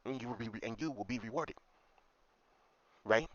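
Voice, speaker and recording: A man's voice: mid-range voice, normal speed, no echo. A man ranting through a commentary monologue, swearing freely and tagging his points with a repeated "okay?". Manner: profane, repetitive, keeps asking "okay?". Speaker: commentary vlogger. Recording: dull lo-fi dry recording.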